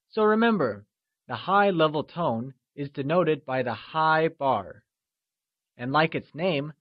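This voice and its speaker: Male narrator for a recorded language lesson, slow and encouraging, slightly dull lo-fi sound. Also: on the high side. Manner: upbeat, encouraging, with slow, drawn-out modeled syllables. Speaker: language teacher.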